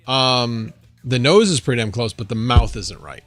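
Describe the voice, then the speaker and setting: A man's voice: mid-range voice, very animated, moderate pace, hardly any pauses, fairly bright tone, dry recording, faint music behind. A man hosting a casual livestream from home, rambling and thinking aloud as he answers viewers' chat. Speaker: livestream host.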